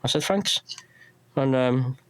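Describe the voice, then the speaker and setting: A man's voice: on the low side, brisk, a bit bright, no echo. A man with a Runcorn Scouse accent, talking casually as a podcast guest in a rambling, self-deprecating way, often restarting his sentences. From England. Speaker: guest, pedal maker.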